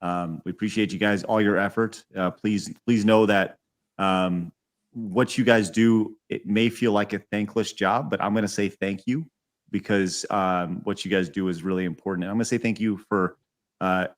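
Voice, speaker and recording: Earnest texan guy on a podcast, lowish voice, talks from the heart. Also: fairly even intonation, moderate pace. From Texas. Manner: earnest, sincere. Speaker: podcast guest. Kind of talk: casual chat.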